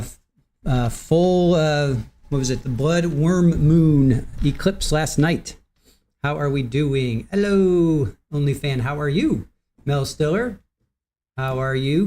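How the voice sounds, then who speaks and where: A chatty middle-aged man hosts a live online show, reading out viewer names and laughing easily. His voice sits a little high for a man, with a warm, mellow tone. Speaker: livestream host. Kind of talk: casual livestream chat.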